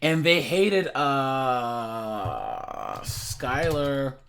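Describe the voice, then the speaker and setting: A man's voice: mid-range voice, big pitch swings, very slow, gravelly, a bit bright, a little hiss or hum. A man hosting a reaction channel, chatting casually and rambling, repeating words and laughing often.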